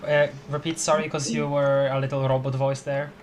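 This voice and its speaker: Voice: medium pitch, flat delivery, brisk, a crowd in the background. Chatty streamer thinking aloud. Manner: thinks aloud, reads game text, stumbles and laughs. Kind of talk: casual let's-play commentary.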